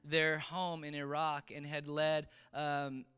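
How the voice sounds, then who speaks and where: A man preaching, retelling a story with halting restarts and fillers, as in a sermon. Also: a little high, completely flat delivery, sharp tone, clean tone. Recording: long reverb of a large hall.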